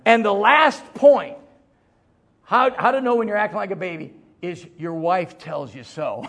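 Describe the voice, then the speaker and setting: A middle-aged man preaching a sermon as pastor, folksy and joking, swinging from loud emphasis to low asides. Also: unhurried.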